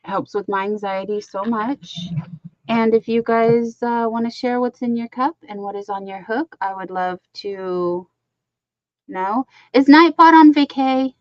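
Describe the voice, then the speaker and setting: A woman's voice: a little high, unhurried, no echo. Woman, casual livestream chat, rambling, slightly dull sound, dry close mic. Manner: chatty, rambling, lots of fillers. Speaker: crochet livestream co-host.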